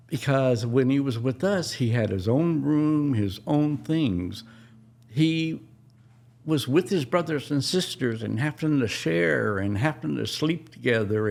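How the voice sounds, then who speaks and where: A middle-aged man tells a personal story on a podcast in a halting, emotional way, often restarting his sentences. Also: mid-range voice, creaky, darkish tone.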